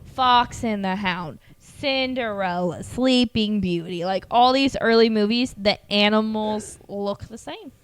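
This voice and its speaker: A woman co-hosting a podcast in casual chat, talkative and giggly, often trailing off softly. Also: mid-range voice, a little slow, few pauses, clean tone. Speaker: podcast co-host.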